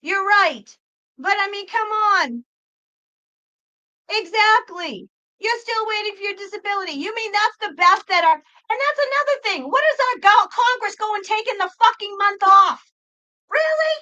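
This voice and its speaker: A woman with a very high voice rants at her livestream chat. Her voice is bright and forceful, and she swears freely while she argues with viewers. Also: lively intonation, moderate pace, lo-fi sound. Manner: profane, exasperated ranting; talks back to chat viewers. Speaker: psychic livestream host.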